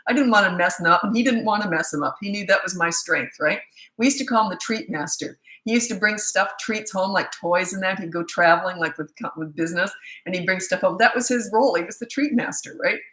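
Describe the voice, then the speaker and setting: An older woman, a parenting coach, answering viewer questions in a quick, chatty live-stream Q&A from a phone. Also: lowish voice, a bit bright. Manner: fast-talking, chatty. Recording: echoey room.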